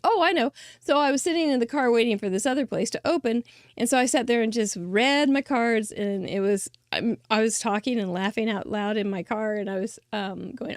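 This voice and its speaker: A middle-aged woman hosting a craft show, chatting warmly and gushing as she shows cards that viewers sent her. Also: on the high side, dry recording, clean studio sound. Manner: chatty, gushing, laughs often. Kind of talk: casual chat showing mailed cards.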